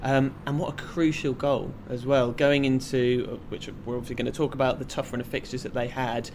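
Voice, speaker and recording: A man gives measured, fact-filled football statistics as a podcast regular. A faint café ambience sits behind his voice. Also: mid-range voice, level tone, a little mellow, a little hiss or hum. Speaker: podcast regular, stats expert. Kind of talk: casual football podcast chat.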